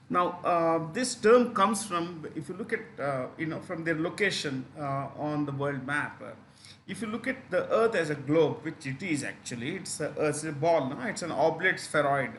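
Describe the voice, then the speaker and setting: A man's voice: a little high, a bit bright, a little hiss or hum. A man with an Indian English accent giving an exam-prep lecture, explaining step by step with many fillers and repeated key terms. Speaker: teacher.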